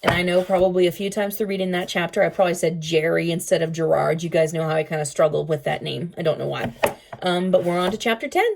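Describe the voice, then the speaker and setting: A woman teacher reading a children's novel aloud to her students in a calm, expressive way. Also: lowish voice, fast, creaky, noisy background.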